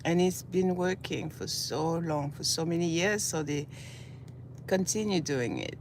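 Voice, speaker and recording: Born in Senegal and raised in southern France, a woman vlogs an impassioned commentary on a city street on her way to work, traffic noise behind her. Her deep, expressive voice is groggy from just waking up, and she moves at a measured pace, stacking her points in repeated lists.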